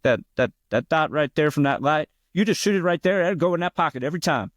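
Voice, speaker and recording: Man doing a brash bar pool player, squeaky high voice, insistent, dry sound. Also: expressive, fast, no room sound, close to an everyday voice. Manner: confident, insistent, high-pitched. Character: boastful know-it-all bar pool player, adult man.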